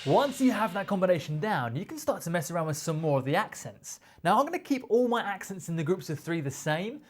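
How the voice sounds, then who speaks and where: A man's voice: high voice, very animated, a little fast, soft background music. Man teaching drum fills step by step. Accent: British. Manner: patient, step-by-step, counting aloud. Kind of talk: instructional explanation.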